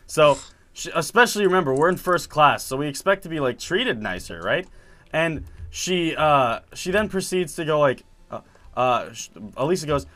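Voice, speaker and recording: A man telling a story in casual chat while playing a game, animated and laughing as he acts out quotes. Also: on the high side, moderate pace. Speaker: gaming video host. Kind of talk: casual storytelling over gameplay.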